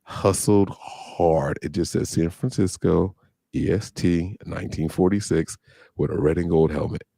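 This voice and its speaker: A man's voice: deep voice, steady tone, measured pace, vocal fry, warm tone, no room sound, studio quality. A man in his thirties, co-hosting a podcast in loose, joking, slangy chat. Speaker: podcast co-host. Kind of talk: casual livestream chat.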